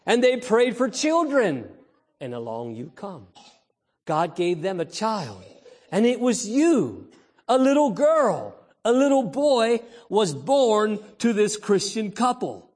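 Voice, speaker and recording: A man preaching to the children in a Sunday sermon, his voice high for a man and swinging widely up and down. He takes his time, telling the story in an emphatic, storytelling way and calling out to the congregation for an amen. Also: sing-song, slow pace, a little mellow. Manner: storytelling, imitates baby cries. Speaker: pastor.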